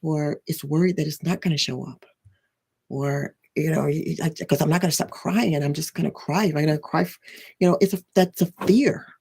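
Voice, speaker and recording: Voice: medium pitch, fairly quick, vocal fry, a little mellow, husky. A spiritual and life coach explaining ideas in a casual, rambling way, with frequent restarts and tag questions. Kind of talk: casual teaching talk.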